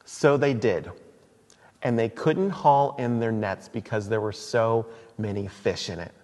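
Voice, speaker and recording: A man preaching a sermon in a church, retelling scripture in a casual, animated storytelling way. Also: on the low side, measured pace, big-room sound. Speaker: pastor.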